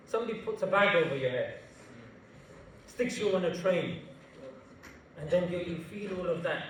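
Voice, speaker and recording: High-pitched man in an echoey hall. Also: normal speed, long pauses, slight background noise. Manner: animated, jokey, slangy storytelling. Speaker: invited speaker. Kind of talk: public talk to students. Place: large university hall. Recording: echoey hall, mic far off.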